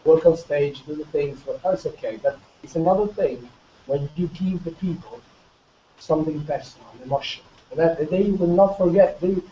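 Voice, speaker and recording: Halting man, mellow, echoey and distant. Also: a little high. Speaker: panel guest. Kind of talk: casual panel chat. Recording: echoey, distant, muffled with faint noise.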